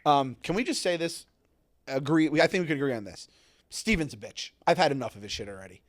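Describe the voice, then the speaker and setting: A man in his thirties co-hosting a casual podcast, rambling, excitable and self-mocking. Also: a little high, quick pace. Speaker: podcast co-host. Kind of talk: casual chat.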